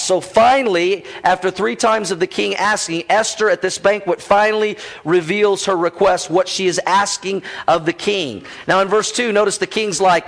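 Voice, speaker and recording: A man's voice: high-pitched, moderate pace, gravelly, few pauses, fairly bright tone. A male pastor giving a conversational, joking sermon in a teacherly way.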